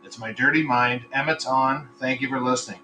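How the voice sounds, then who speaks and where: A man's voice: medium pitch, fairly even intonation, brisk, distant mic, noisy background. A man hosting a casual live podcast, rambling between topics, swearing freely and telling crude jokes. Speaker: podcast host. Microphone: computer microphone.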